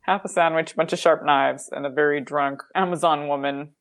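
A woman's voice: sits low, steady tone, moderate pace. A woman playing a tabletop game, casual and playful with frequent giggles. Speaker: player.

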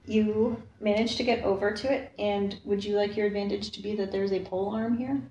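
A woman's voice: medium pitch, fairly even intonation, dark tone, recorded from a distance, lo-fi sound, a little hiss or hum. Chatty woman game master, echoey room. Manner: chatty, descriptive, quick asides. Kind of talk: narrating a tabletop game.

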